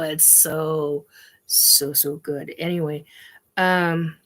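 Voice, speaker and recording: A woman's voice: sits low, fairly even intonation, very slow, a bit bright. A middle-aged woman hosting a casual live chat, rambling with many ums and laughs as she reads viewer comments. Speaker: livestream host.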